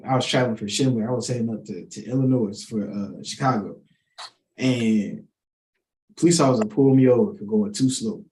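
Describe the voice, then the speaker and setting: A man's voice: mid-range voice, a little fast, darkish tone, slight background noise. A man co-hosting a podcast, chatting casually and telling stories, often acting out the voices of people he quotes. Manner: storytelling, acts out quoted voices. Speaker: podcast co-host. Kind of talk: casual chat. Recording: roomy echo.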